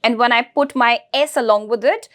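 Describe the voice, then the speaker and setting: A woman teaching a pronunciation lesson, breaking words into syllables and repeating each one slowly. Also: on the high side, a bit bright. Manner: slow, syllable-by-syllable with repeated drilling. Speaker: language teacher.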